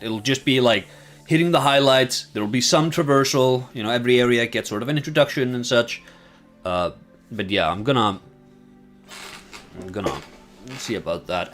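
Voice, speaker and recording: A man of middling pitch talks loosely to his viewers on a stream, thinking aloud as he goes. He rambles, trailing off and restarting his sentences with plenty of fillers. Soft music plays faintly behind him. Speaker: streamer and video essayist. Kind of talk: casual livestream chat with viewers.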